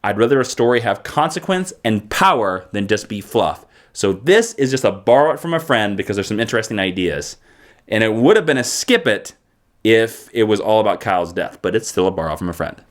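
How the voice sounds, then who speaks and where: A man reviewing comic books in a casual, joking vlog with quick asides. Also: lowish voice, sing-song.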